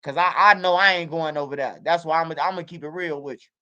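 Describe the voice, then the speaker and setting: Bright, smooth-voiced man telling stories. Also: on the high side, fast talker, muffled recording. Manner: animated storytelling, street slang and profanity, frequent restarts. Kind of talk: casual interview chat.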